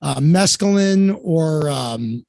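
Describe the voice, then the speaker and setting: A man's voice: a little high, animated, takes it slowly, vocal fry, darkish tone, no echo, studio quality. A man who is a comedian, chatting as a guest in a casual interview in an enthusiastic, laid-back way with plenty of fillers.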